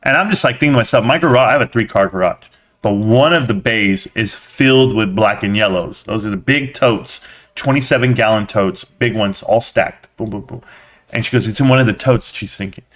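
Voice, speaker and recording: A man's voice: on the low side, a little fast, a bit bright. A man hosting a casual live stream, chatting with viewers as a slangy, blunt storyteller.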